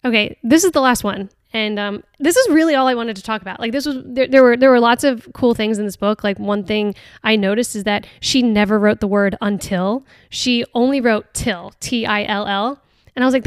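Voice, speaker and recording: A woman's voice: on the high side, a little fast, clean tone, dry recording, clean studio sound. A woman hosting a podcast, talking casually and earnestly about a book, hesitant, with many restarts and fillers. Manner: earnest and chatty. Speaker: podcast host. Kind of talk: casual reflective talk on a book.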